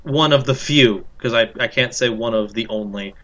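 A man co-hosts a casual podcast in a middling pitch. He speaks in a dry, matter-of-fact way, adding short remarks to the chat. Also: normal speed, fairly bright tone, lo-fi sound. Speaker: podcast co-host.

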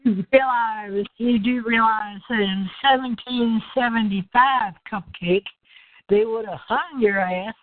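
A woman's voice: a little high, unhurried. A woman teasing bluntly in casual call-in show chat, heard over a tinny phone-line call recording with faint noise.

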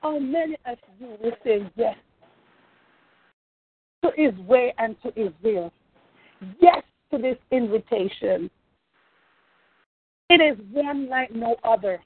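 A woman's voice: fairly high pitch, animated, takes it slowly, long pauses, husky. A woman pastor preaching a fervent sermon, repeating phrases and calling out praise. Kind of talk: sermon over a phone line. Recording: tinny phone line.

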